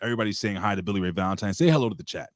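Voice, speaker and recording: A man hosting a casual show, telling stories excitably with lots of swearing and giving loud, hype-style introductions. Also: lowish voice, very fast, no room sound, studio quality. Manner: excitable, profane storytelling with hype announcer intros. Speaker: podcast host. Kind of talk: casual chat.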